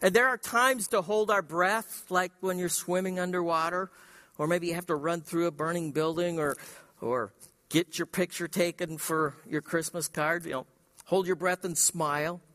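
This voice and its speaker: A man's voice: sits high, fairly even intonation, bright, forceful tone. Man, pastor, emphatic sermon, repetition, echoing sanctuary. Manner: emphatic preaching with repetition and slow dramatic pauses. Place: church sanctuary. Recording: long hall reverb.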